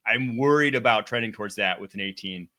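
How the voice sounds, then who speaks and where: A man's voice: fairly low pitch, a little fast, pushed and bright. A young man from Wisconsin with a Wisconsin accent, co-hosting and chatting casually about football. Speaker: sports analyst co-host. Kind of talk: casual sports chat over video call.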